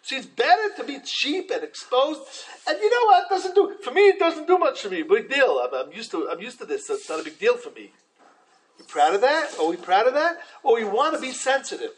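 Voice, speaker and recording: A man teaching a Torah class in an animated way, restarting often and acting out quotes. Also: very high voice, a little fast, slight background noise, rough recording.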